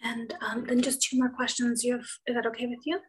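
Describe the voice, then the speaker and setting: A woman's voice: fairly high pitch, little pitch movement, fairly quick, husky, low-quality recording. A woman moderating a workshop, reading out audience questions hesitantly, with many fillers.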